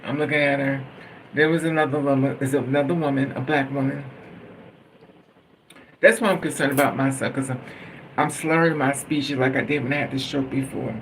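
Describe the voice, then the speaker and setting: Gravelly man rambling through a story. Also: medium pitch, steady tone, a little fast, long pauses, a little hiss or hum, poor audio. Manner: rambling, profane, laughs at his own story. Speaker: storytime vlogger. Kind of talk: casual storytelling.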